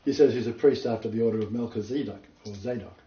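Speaking fast in a lowish, warm voice, a man leads an informal Bible study and explains scripture earnestly and in detail. The recording sounds roomy, distant, dull and lo-fi.

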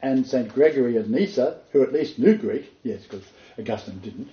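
A man's voice: medium pitch, lively intonation, normal speed, echoey room, muffled recording, slight background noise. A man giving sermon-style Bible teaching, reading quotations with expression and adding his own asides. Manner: reads poetry and quotes expressively, then comments in asides.

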